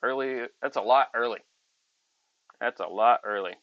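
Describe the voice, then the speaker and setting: A man hosting a casual card-opening video, chatting and reading card text aloud with excited asides. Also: mid-range voice, normal speed, no echo. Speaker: channel host. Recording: dull lo-fi audio.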